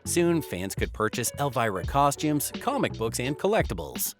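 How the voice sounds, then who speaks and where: A male documentary narrator with a mid-pitched voice that rises and falls with plenty of life. He reads a scripted biography in a measured, dramatic storytelling manner. Clear music plays underneath him throughout. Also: big pitch swings. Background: background music.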